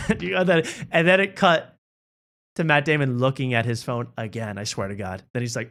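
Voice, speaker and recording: A man's voice: mid-range voice, normal speed, fairly bright tone. A man hosting a talk show, riffing in a rambling, joking way. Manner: rambling, riffing, laughs at own bits. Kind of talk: casual comedic chat.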